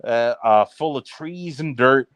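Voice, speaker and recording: A man's voice: mid-range voice, takes it slowly, fairly bright tone, dry recording. Brash, mocking young man trash-talking. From Baltimore area, East Coast US. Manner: brash, mocking, repeats himself with "bro". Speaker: podcast co-host. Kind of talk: casual trash-talk banter.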